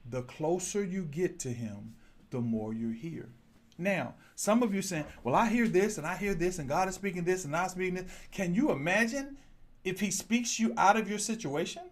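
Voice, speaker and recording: A man's voice: sits high, normal speed. A man preaching a sermon, speaking straight to his congregation and moving a handheld microphone as he goes. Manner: lively preaching, direct address to congregation. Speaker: pastor.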